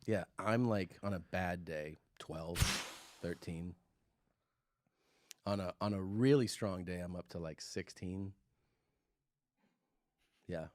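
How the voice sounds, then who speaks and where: A man hosting a comedy podcast, spinning crude stories in a flat, deadpan way. His voice sits low and the sound is close and dry, with no room around it. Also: takes it slowly, pauses often, no room sound. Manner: deadpan storytelling, crude humor. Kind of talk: casual comedic chat.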